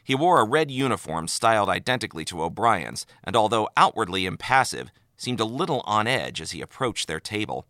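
A man narrating a story aloud in an expressive, animated way. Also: fairly low pitch, a little fast, few pauses, dry recording, clean studio sound. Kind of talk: audiobook narration of fan fiction.

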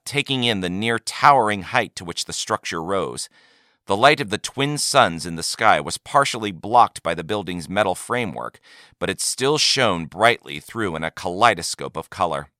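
A man reading a science-fiction story aloud as narrator, with steady, expressive storytelling. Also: low voice, no room sound, clean studio sound.

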